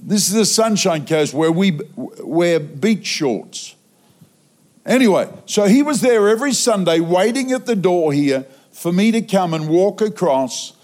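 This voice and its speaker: A man preaching in a church auditorium, telling a funny story with animated delivery and sudden loud outbursts. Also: sits high, a little slow. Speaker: traveling preacher. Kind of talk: sermon.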